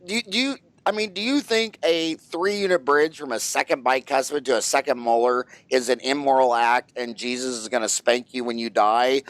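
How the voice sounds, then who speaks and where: Male podcast host, fifties, blunt, provocative, mid pitch, dry. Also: normal speed, hardly any pauses, fairly bright tone, no room sound. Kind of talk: casual podcast interview.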